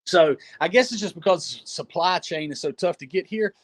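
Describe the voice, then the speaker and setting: A man telling a travel story in a casual, animated way, often laughing and repeating words as he goes. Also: sits high, moderate pace. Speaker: storyteller guest. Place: Jamaica.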